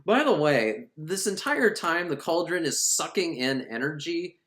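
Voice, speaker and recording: A man recapping a film in a sarcastic, profane, animated way. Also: on the high side, measured pace. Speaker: movie reviewer. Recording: roomy echo.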